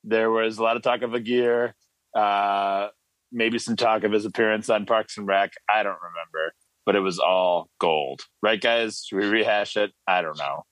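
A man's voice: fairly low pitch, normal speed, dry recording, poor audio. A man co-hosting a podcast, chatting playfully, laughing and speaking to the listeners. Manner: lively, laughing, addresses listeners. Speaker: podcast co-host. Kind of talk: casual banter.

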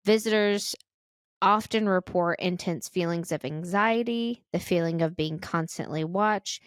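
An American woman co-hosting a podcast, chatting casually and retelling a spooky story, animated and giggly. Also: fairly low pitch, a little slow, no room sound, clean studio sound. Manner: animated and giggly, acts out reactions. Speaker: podcast co-host.

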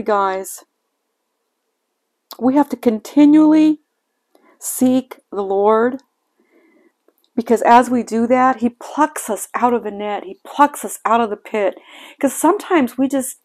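Slow, emotional older woman sharing devotions. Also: fairly high pitch, a little mellow. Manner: emotional, heartfelt, with sighs. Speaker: devotional podcast host. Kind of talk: personal devotional reflection.

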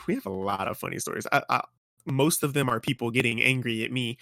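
Young man, podcast co-host, relaxed storytelling, mid-range voice. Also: medium pitch, fairly quick, gravelly, no echo, clean studio sound. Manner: easygoing storyteller. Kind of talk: casual gaming podcast chat.

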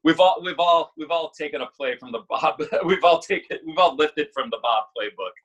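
Guest musician, male, forties: bright, forceful voice, casual storyteller who swears and laughs a lot. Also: on the high side, moderate pace, slightly rough, lo-fi sound. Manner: animated, swears freely, laughs often.

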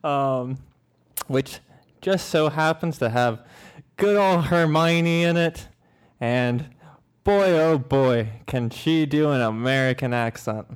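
Male co-host, loose and halting film chat, voice a touch higher than usual. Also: clean tone. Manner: rambling, halting, laughs often. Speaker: podcast co-host. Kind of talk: casual film-review chat.

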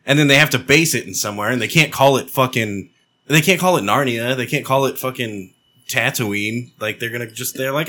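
Guy with a bright ringing voice riffing jokes, swears a lot, casual chat. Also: mid-range voice, a little fast. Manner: joking, profane, mock-serious. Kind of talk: casual podcast banter.

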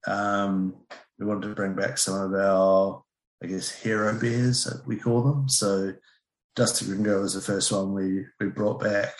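A man's voice: on the low side, reverberant. A man, a brewer guest chatting casually and hesitantly, with many fillers. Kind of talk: casual chat on a video call.

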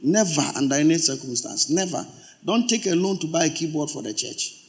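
A man's voice: a little high, animated, brisk. A male pastor preaching a sermon, emphatic and repeating his exhortations.

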